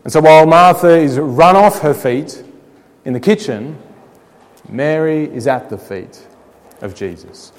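A man preaching a sermon, telling the story dramatically with rhetorical questions, slowing down and dropping quiet to make points. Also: a little high. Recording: long hall reverb.

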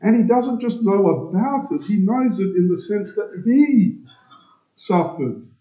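A man preaching a sermon to his congregation, slow and emphatic, asking rhetorical questions. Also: high voice, expressive, dark tone. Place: church. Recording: echoey, dull church recording.

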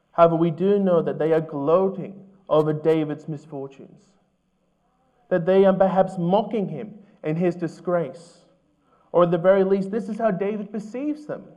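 A man preaching a sermon as pastor, earnest and measured, asking his listeners questions. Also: high voice, darkish tone, highs cut off.

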